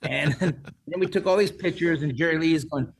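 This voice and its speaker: Captured on a low-quality recording, this man in his sixties talks fast in a slightly high voice. He is a musician guest in a casual interview, spinning long rambling anecdotes with frequent restarts and lots of "like."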